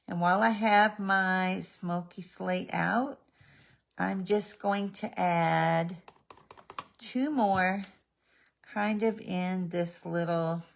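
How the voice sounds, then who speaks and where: Slow, gravelly woman demonstrating crafts. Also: medium pitch. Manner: slow, chatty, talks to her pet between steps. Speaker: stamping demonstrator.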